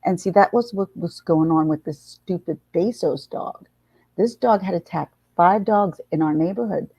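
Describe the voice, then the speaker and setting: A woman's voice: lowish voice, moderate pace, dark tone, husky, no room sound. A woman hosting a live chat, telling a story in a casual, blunt way and swearing freely. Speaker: livestream host. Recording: dull lo-fi sound.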